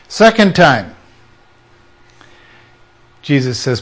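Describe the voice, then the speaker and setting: A man preaching a sermon, emphatic and full of rhetorical questions, sometimes dropping into quiet asides. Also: sits high, animated, a little slow.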